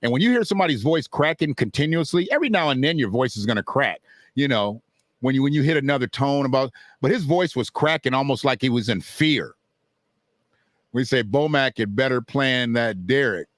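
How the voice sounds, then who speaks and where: A man's voice: mid-range voice, expressive, moderate pace, a bit bright, no room sound, clean studio sound. A man giving casual, blunt boxing commentary, swearing freely and answering his chat. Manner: blunt, profane, talks back to chat and clips.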